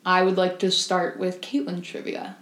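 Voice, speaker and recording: A young woman co-hosting a podcast, teasing and animated, quick to laugh in casual chat. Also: lowish voice. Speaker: podcast co-host. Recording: roomy echo.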